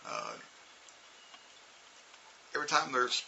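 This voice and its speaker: A man's voice: medium pitch, wildly swooping pitch, takes it slowly, gravelly, sharp tone, dull audio, a little hiss or hum. A man, an English teacher, telling a casual, rambling story full of "you know" and "uh". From United States.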